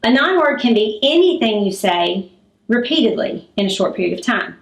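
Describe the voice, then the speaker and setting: A fairly high-pitched, middle-aged woman teaching a public speaking lesson. She talks clearly and demonstratively, acting out her examples. The room around her is echoey. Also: sing-song, normal speed.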